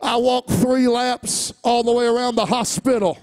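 A male pastor preaching a sermon, moving between quiet personal storytelling and shouted, rising refrains, with easy laughs along the way. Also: very high voice, fairly even intonation, normal speed, dry recording. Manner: laughs easily between lines.

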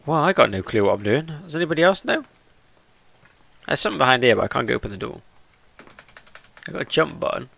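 A man's voice: mid-range voice, sing-song, fast, gravelly, long pauses, a bit bright, slight background noise. A man giving chatty, jokey let's-play commentary and talking to the characters on screen. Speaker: gaming YouTuber.

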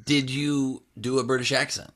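A man, a stand-up comedian, riffing deadpan in casual podcast banter. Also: medium pitch, moderate pace. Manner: deadpan, rambling, self-promoting jokes.

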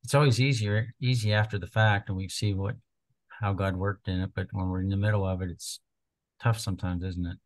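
A man's voice: low-pitched, steady tone, brisk, poor audio. A man leading a small Bible study group, retelling scripture in an earnest, conversational way.

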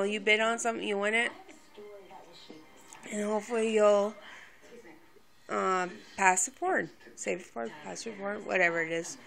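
A woman vlogging casually to her camera, rambling with many fillers and restarts in a fairly monotone voice. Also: medium pitch, creaky. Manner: monotone, by her own account; quiet, subdued and near a whisper. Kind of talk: casual home vlog talk.

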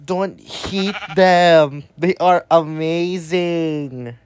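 Very slow, scolding comedy narrator. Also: mid-range voice, darkish tone, clear, resonant tone, no room sound. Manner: scolding, repeats the same warnings over and over. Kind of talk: repetitive scolding commentary over gameplay.

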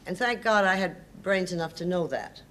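A woman's voice: lowish voice, moderate pace, fairly bright tone. Older american woman in an interview, emphatic, dry wit, faint hiss behind. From United States. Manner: emphatic, hesitant restarts, sardonic. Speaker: interview guest. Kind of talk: reminiscing interview.

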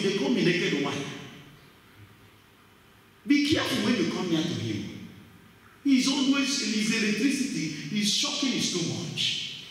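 A man preaching a sermon as pastor, telling stories in an animated, emphatic way, recorded from far off in an echoey church hall. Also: extremely high pitch.

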